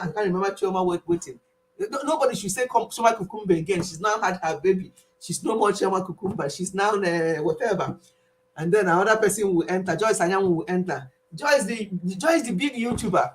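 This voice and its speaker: A woman's voice: medium pitch, brisk. A woman hosting a casual live stream, playful and often laughing as she imitates her viewers. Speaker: channel host closing a live stream.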